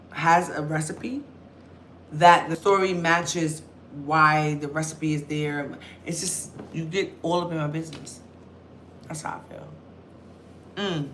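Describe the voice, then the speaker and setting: A young woman vlogger, chatting loudly and telling stories straight to camera. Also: deep voice, a little hiss or hum. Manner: loud, chatty storyteller. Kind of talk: casual talk to camera.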